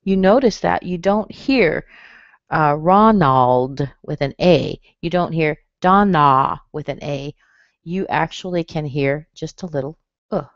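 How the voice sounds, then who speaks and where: A woman's voice: low voice, a little mellow, no echo. A woman teaching pronunciation in an online class, patiently saying words again and again. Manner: slow, patient, repeats words for drill. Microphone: computer mic. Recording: dull muffled webinar audio, dry.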